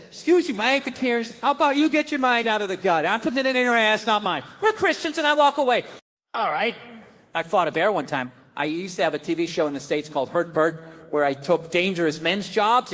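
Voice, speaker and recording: A man with a high-pitched voice performs a stand-up routine on stage. He tells an animated story and slips into the voices of the people in it. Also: brisk. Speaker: stand-up comedian.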